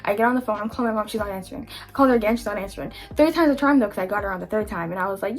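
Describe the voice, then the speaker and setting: Young woman vlogging a storytime, super chatty, says like a lot, some soft music behind. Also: mid-range voice, rapid-fire, hardly any pauses. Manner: chatty, candid, lots of "like". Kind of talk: casual storytime.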